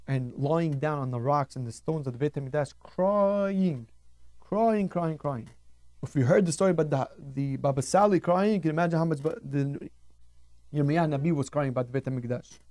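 A man's voice: on the high side, fairly quick, mellow, dry recording. A man teaching a radio Torah class, telling stories in an emphatic style and repeating words for effect.

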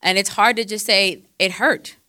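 A woman's voice: mid-range voice, fairly even intonation, moderate pace, bright, forceful tone, no room sound. A woman counselor giving faith-based advice in a conversational way, quoting scripture and using frequent fillers.

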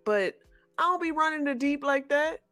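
A woman's voice: high-pitched, normal speed, no echo, faint music behind. A woman from the Chicago area, chatting casually as a podcast co-host in an emphatic, slangy way. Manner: animated, slangy, emphatic storytelling.

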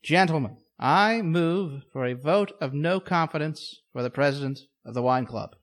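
A man voicing a pompous male club member who calls a loud, formal vote. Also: fairly high pitch, normal speed, lightly acted.

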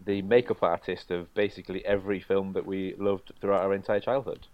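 A man co-hosting a podcast, chatting in a halting, easygoing way. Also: deep voice, flat delivery, dry recording, lo-fi sound. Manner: chatty, halting, laughs easily. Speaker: podcast co-host. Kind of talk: casual chat.

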